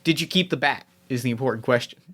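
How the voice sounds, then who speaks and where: A man narrating a tabletop game as game master, animated, often repeating himself mid-sentence. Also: medium pitch, quick pace.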